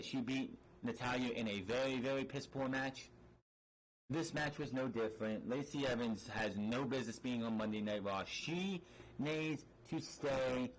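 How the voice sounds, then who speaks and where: A man's voice: medium pitch, a little hiss or hum, poor audio. A man giving a blunt, sarcastic recap of a wrestling episode, swearing freely and restarting his sentences often. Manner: rapid recap with frequent restarts and fillers. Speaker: wrestling show reviewer. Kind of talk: casual recap commentary.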